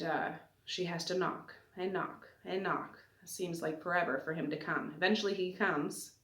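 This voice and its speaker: A woman's voice: fairly low pitch, distant mic. A woman book vlogger casually retelling and reviewing a novel in a chatty, rambling way with asides. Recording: roomy, off-mic sound.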